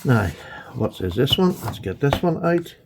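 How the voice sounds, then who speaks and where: A man chatting excitedly and gushing as he unboxes and admires his new knives. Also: mid-range voice, unhurried, creaky, noisy background. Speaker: knife collector vlogger. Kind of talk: casual unboxing chat.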